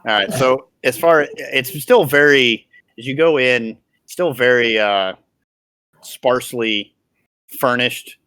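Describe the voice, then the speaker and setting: A man narrating as dungeon master over a video call, halting with many fillers and restarts. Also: mid-range voice, sharp tone, smooth, no room sound. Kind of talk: narrating a tabletop game.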